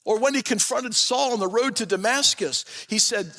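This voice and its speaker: A man's voice: very high voice, expressive, normal speed, hardly any pauses, bright, forceful tone. A man preaching a sermon to his congregation, retelling a story vividly and speaking to them directly. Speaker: pastor. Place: church sanctuary. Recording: long church-hall reverb.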